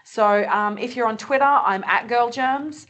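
A woman's voice: fairly high pitch, unhurried, a bit bright. Upbeat woman co-hosting a call. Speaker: co-host of a community video call. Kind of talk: casual online meeting chat. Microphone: video call.

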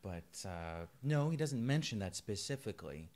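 A man's voice: on the low side, big pitch swings, normal speed, a little mellow. A man co-hosting a casual podcast book review, rambling and joking with lots of restarts. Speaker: podcast co-host.

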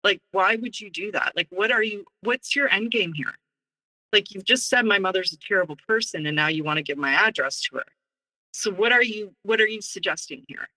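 A woman guest in an interview, telling a personal story in a lively way and acting out what others said. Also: medium pitch, brisk, rough recording. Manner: animated, acts out quoted dialogue.

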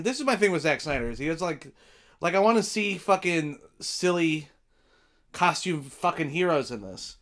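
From home, a young man hosts a live stream and chats casually while reacting to a film, sounding excitable and profane and occasionally breaking into shouts. His voice sits high, picked up by a desk mic as he wears headphones.

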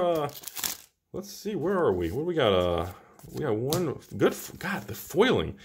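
A man hosting a casual pack-opening video, chatting excitedly to viewers and cracking jokes between cards. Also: mid-range voice, slight background noise. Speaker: card-opening channel host.

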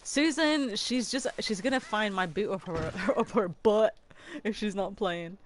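A young adult woman streaming a video game in casual chat, excitable and dramatic, often gasping and laughing. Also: medium pitch, a little slow, slight background noise.

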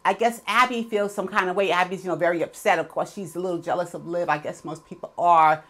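A woman's voice: fairly low pitch, steady tone, fast talker. Chatty woman recapping a TV episode. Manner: chatty and opinionated, with many fillers. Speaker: TV episode reviewer. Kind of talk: casual spoken recap.

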